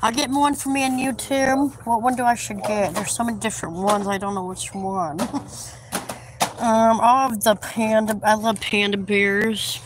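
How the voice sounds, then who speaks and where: Giggly rambling woman vlogging on her phone in a store, loud shop noise behind her. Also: a little high, fairly even intonation, normal speed. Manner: rambling, giggly, talks to herself. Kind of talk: casual chat while shopping. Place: inside a busy store. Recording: noisy store background.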